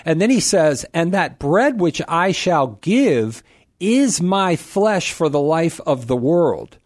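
A middle-aged man teaches Scripture to a caller on a call-in radio show, with a voice pitched a little high for a man. He speaks with emphasis and swings his pitch widely. He sometimes slips into playful crowd voices to make a point. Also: slow. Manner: animated, emphatic, acts out crowd voices for humor. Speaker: Catholic radio host answering a caller.

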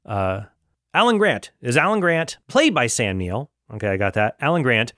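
A man's voice: medium pitch, big pitch swings, moderate pace, bright, forceful tone, no room sound, studio quality. A man hosting a casual solo podcast, telling a story in a rambling way with many fillers. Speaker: podcast host. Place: travelling in Australia.

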